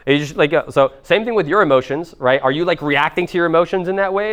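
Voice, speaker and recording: A man's voice: fairly high pitch, very fast, few pauses, a bit bright. A man coaching a small group in a live workshop, casual and jokey, swearing freely and talking straight to the room. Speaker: business and mindset coach.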